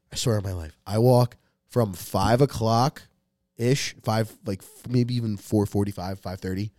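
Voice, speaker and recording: A man's voice: lowish voice, a little mellow, no room sound, clean studio sound. A young man telling a long, rambling, profane story in casual podcast talk. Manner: rambling, profane, restarts often. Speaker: podcast co-host.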